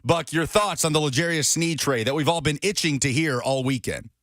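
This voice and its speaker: A man's voice: on the high side, normal speed, no room sound. A man co-hosting a sports radio show in the studio, ribbing his colleague. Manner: lively, ribbing.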